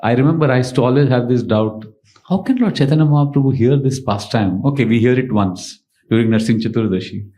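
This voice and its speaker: A man's voice: mid-range voice, fairly quick, mellow. A man, a spiritual teacher giving a devotional lecture and telling stories with emphatic rhetorical questions. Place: temple lecture hall.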